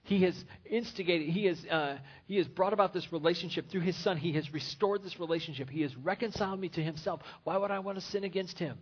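Husky-voiced man preaching a sermon. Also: high-pitched, fast, few pauses, muffled recording. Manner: earnest preaching with repeated phrases. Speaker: pastor.

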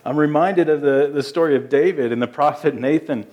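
A man's voice: a little high, a little fast, a little mellow. Earnest male pastor preaching. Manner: earnest, emphatic preaching with repeated words. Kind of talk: sermon.

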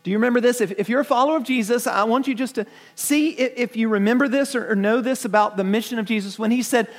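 A man preaches to his church in a strikingly high voice. He talks earnestly, stumbling over repeated words as he builds his points. He keeps turning to the congregation with questions. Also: fast talker. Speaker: pastor. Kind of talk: sermon.

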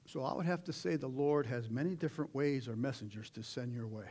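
A middle-aged man preaching a sermon in a folksy, animated way, with sudden shouted asides. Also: mid-range voice, brisk.

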